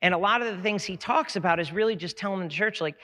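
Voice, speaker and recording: A middle-aged male pastor with a bright, slightly high voice, talking casually to his congregation and then pressing into fervent appeals. His words ring out with a long echo through a church sanctuary. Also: fast talker. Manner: conversational, rising to fervent exhortation. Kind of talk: sermon. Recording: long church hall reverb.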